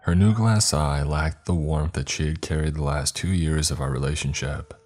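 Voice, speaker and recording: Very deep-voiced male horror narrator. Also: steady tone, moderate pace, a little mellow, faint music behind. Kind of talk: scripted horror story narration.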